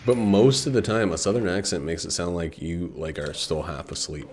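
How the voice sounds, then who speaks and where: A man's voice: low voice, normal speed, darkish tone. A man giving casual, meandering commentary while he plays a video game, swearing freely and trailing off into fillers. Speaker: gameplay commentator. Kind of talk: casual rambling commentary over gameplay.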